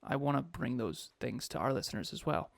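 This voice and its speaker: A man in casual podcast chat, speaking with a gravelly, fry-tinged voice at a middling pitch. He talks with animated emphasis and laughs often. The sound is dry and close, with no room around it. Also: a little fast, no room sound. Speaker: podcast co-host and coach.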